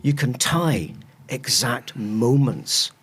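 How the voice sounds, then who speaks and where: A man's voice: medium pitch, expressive, slow pace, a bit bright, husky. A man, a historian guest explaining history with enthusiastic, rambling asides. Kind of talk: casual chat, explaining history.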